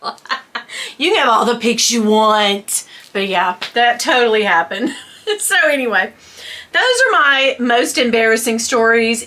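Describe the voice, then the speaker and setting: A woman, telling a story to camera in a casual, animated way, laughing often and acting out voices. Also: fairly high pitch. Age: 50s. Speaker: vlogger.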